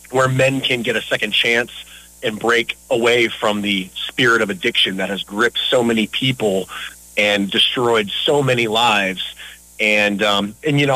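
A man's voice: medium pitch, bright, forceful tone, no room sound, poor audio. A middle-aged man talking casually as an interview guest, earnest and a bit rambling. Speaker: interview guest, local business owner.

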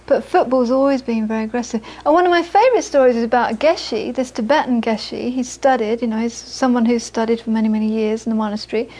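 A woman giving a Buddhist dharma talk, telling lively stories and then speaking softly about inner peace. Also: a little high, fast talker, few pauses. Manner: storytelling, animated when quoting, soft and hushed on inner peace. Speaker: Buddhist teacher.

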